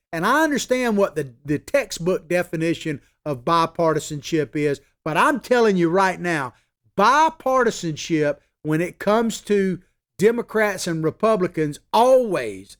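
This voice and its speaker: A man hosting a political commentary show, emphatic and folksy, repeating his points for stress and talking with filler asides. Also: high voice.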